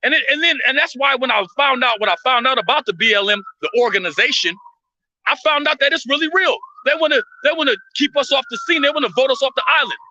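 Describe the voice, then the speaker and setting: A man's voice: very high-pitched, fast talker, bright, forceful tone, muffled recording, a little hiss or hum. A man speaking in heated, blunt commentary, profane and impassioned, often restarting his sentences.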